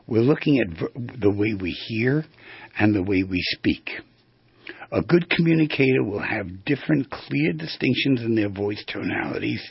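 Gravelly, very husky male radio host. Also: medium pitch, dry recording, highs cut off. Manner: animated, demonstrates vocal tones, rambling with restarts. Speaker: radio talk show host. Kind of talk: instructive radio talk.

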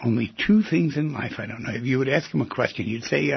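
A man with a gravelly, very husky, medium-pitched voice hosts a radio call-in show in a talk-radio monologue, firing one question after another at listeners. Animated and quick with few pauses, he teases and breaks into sudden loud bursts. The sound is dry, somewhat dull and without echo.

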